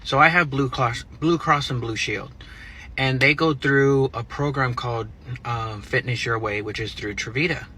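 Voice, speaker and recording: A man casually explaining a money-saving tip to viewers, relaxed and a little hesitant. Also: mid-range voice, normal speed, slight background noise.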